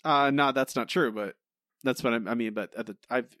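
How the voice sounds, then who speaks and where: A man's voice: medium pitch, a little fast, a bit bright, dry recording, clean studio sound. A man co-hosting a casual podcast chat and trivia quiz, self-deprecating and stumbling into restarts. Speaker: podcast co-host.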